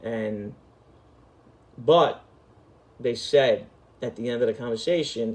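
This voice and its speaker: A man's voice: mid-range voice, slow pace, long pauses, darkish tone. New guy, middle-aged, telling a story, swears constantly, talks street. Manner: profane, emphatic, street-talking. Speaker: storyteller host. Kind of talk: casual storytelling.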